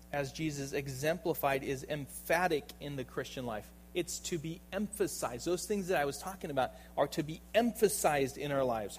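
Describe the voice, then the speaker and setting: A fairly high-voiced man preaches with emphatic conviction, asking rhetorical questions and checking in with "right?". His delivery swings from loud, driving bursts down to quiet, low asides. A faint hum sits behind him. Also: rough recording. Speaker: pastor. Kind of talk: sermon.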